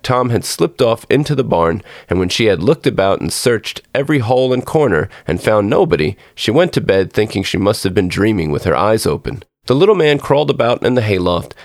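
A man narrating a storybook as a podcast storyteller, in a measured, expressive reading. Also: fairly low pitch, dry recording, clean studio sound.

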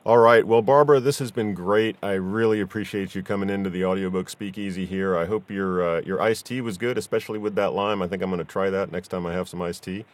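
A man's voice: low voice, fairly even intonation, quick pace, few pauses. A man hosting a podcast interview, easygoing and affirming, with lots of fillers. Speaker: podcast host. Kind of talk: casual interview chat.

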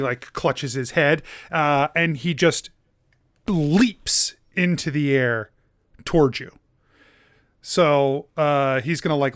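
Male game master, slightly high smooth voice, loose filler-heavy narration, dry close mic. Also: fairly bright tone, no echo.

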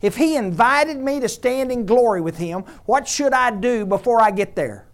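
A man preaching a sermon in a conversational way, quizzing the congregation and dropping to a hush on tender points. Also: very high voice, expressive, moderate pace. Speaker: pastor.

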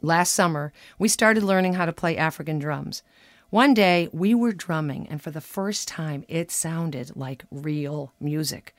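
A woman in her fifties reading her own humorous personal essay aloud on the radio, telling it with a wry, animated lilt. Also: sits low, unhurried, no room sound. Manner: wry, animated storytelling with lively voiced quotes.

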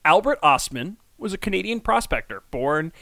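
A man's voice: a little high, very animated, normal speed, creaky, pushed and bright, no echo. A man co-hosting a podcast in casual, rambling chat with lots of ums. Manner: chatty, rambling with many ums. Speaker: podcast co-host.

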